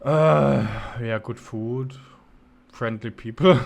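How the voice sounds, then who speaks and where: A man's voice: mid-range voice, slow, creaky. A man co-hosting a podcast, telling a story in a rambling, casual way with many restarts. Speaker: podcast co-host.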